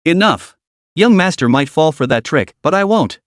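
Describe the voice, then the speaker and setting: A man's voice: a little high, animated, moderate pace, no echo, clean studio sound, lightly acted. A man voicing a jealous, domineering female sect leader who talks in a cold, sneering, commanding way.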